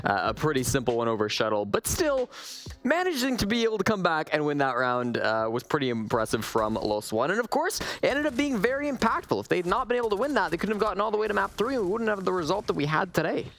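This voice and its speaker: Deadpan guy doing esports analysis, dry humor but pitch jumps around a lot. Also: fast talker, slight background noise. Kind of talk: live broadcast desk analysis. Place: studio analyst desk.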